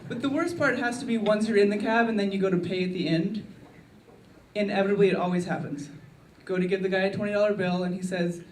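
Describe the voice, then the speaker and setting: A woman doing a stand-up routine with a wry, deadpan delivery in a comedy club. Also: medium pitch, quick pace, far from the mic, a little hiss or hum. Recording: echoey club miked from afar, crowd laughter.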